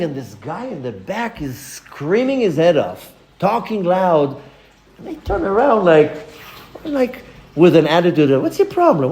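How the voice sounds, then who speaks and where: Man, rabbi, high voice, animated storyteller, lecture, acts out dialogue. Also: slight background noise.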